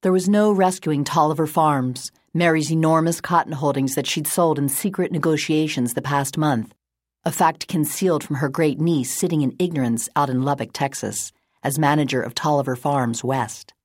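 A woman narrating a novel in a steady, composed storytelling manner. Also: sits low, normal speed, no echo, studio quality. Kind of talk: audiobook narration.

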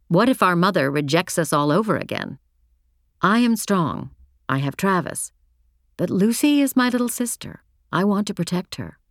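A woman narrates a first-person novel in a measured, reflective reading. Her voice sits low, and the close studio recording is completely dry, with no room sound. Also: no echo. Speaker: audiobook narrator.

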